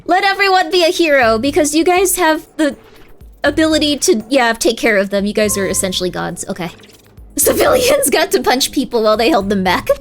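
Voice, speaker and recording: Excitable high-voiced woman streamer. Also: normal speed. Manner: excitable, reads on-screen text aloud. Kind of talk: live gameplay commentary. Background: faint game music.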